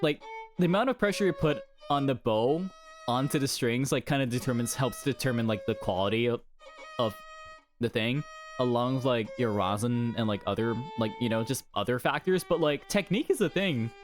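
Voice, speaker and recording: A man's voice: medium pitch, animated, moderate pace, soft background music. A man casually commenting while playing a game, rambling with lots of fillers and restarts.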